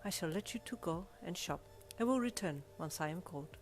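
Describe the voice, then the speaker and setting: A woman voicing a charming French male valet driver, speaking slowly with a put-on French accent. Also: lowish voice, animated, natural voice. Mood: playful. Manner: charming, flirtatious, slow and deliberate. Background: faint backing music.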